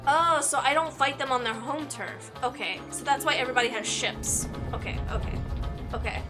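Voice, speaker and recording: Animated woman streamer reading a game story. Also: sits high, moderate pace. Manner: animated, joking asides between read-aloud story text. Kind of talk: live game playthrough, reading the story aloud. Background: game music.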